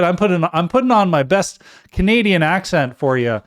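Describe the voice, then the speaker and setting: Man, live stream host, slightly higher voice, upbeat, jokey, laughs a lot. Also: sing-song, normal speed. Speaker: livestream host. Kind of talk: casual live show hosting.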